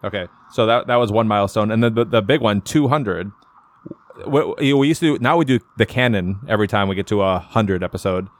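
A low-voiced man hosts a relaxed podcast chat. He rambles through his thoughts and often corrects himself mid-sentence. The sound is close and dry, with no room around him. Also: brisk, no room sound. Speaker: podcast host. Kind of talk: casual chat.

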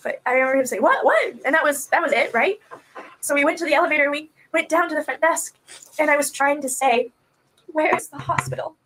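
High-voiced distraught woman in police interview. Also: a little fast, a little hiss or hum, low-quality recording. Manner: distraught, voice breaking into tears; soft-voiced, quiet when upset. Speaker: mother being questioned by police. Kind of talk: recorded police interview recounting events.

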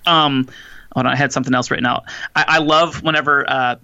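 Fast-talking man with gravelly, bright voice. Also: medium pitch, highs cut off. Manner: chatty, animated with frequent fillers. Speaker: podcast co-host. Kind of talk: casual chat.

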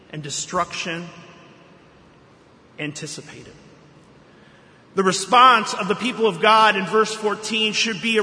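A man's voice: high voice, sharp tone. A middle-aged man preaching a sermon, telling a family story and reading scripture in an earnest way. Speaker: pastor. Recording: echoey hall reverb, faint room noise.

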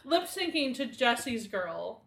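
A woman's voice: on the high side, sing-song, takes it slowly, vocal fry, a crowd in the background. A woman co-hosting a podcast, teasing and laughing often. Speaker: podcast co-host.

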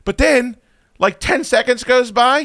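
A man co-hosting a radio show, talking in an excitable, profane and animated way in casual chat. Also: very high voice, measured pace, dry recording. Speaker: radio co-host. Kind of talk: casual chat, movie review.

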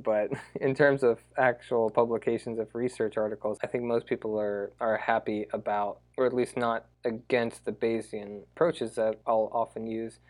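A man, a researcher guest on an academic podcast, answering in a thoughtful, relaxed way with easy laughs. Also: medium pitch, normal speed, hardly any pauses. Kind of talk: casual academic podcast interview.

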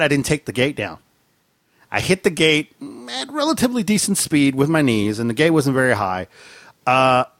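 A middle-aged man chats with a friend and tells a comic story, his voice lively and ranging far, a little higher than most men's. He laughs easily and leaps up in pitch whenever he mimics someone. The sound is dry and close. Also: dry recording. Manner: animated, laughing, acts out quotes in a raised voice. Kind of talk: casual storytelling chat.

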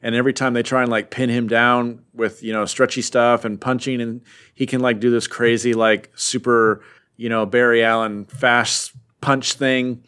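A young man in the middle of a comic book recap, talking in a mid-pitched voice. He rambles loosely, leans on fillers and drops offhand jokes as he goes. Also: little pitch movement, normal speed, a bit bright, smooth. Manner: rambling, filler-heavy, joking.

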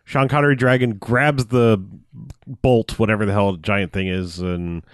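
A man's voice: fairly low pitch, steady tone, measured pace, clear, resonant tone, dry recording, studio quality. A man chatting casually as a podcast co-host, recapping a film in a rambling way and acting out lines in put-on voices. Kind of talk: casual movie recap chat.

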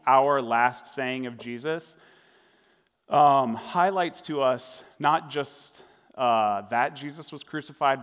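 A man's voice: medium pitch, a bit bright, big-room sound. A man preaching a sermon as pastor, talking in a conversational way with fillers and tag questions.

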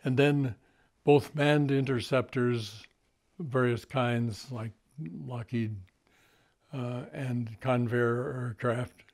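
An older man being interviewed, recalling past events slowly, with frequent fillers and restarts. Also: mid-range voice, fairly even intonation, darkish tone. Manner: halting, many fillers and restarts. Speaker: interview guest.

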